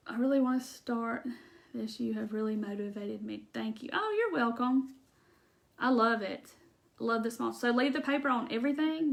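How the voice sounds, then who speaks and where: A woman's voice: on the high side, moderate pace, gravelly. Chatty woman on a live craft stream. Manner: chatty, rambling, frequent ums and laughs. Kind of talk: casual live-stream chat answering comments.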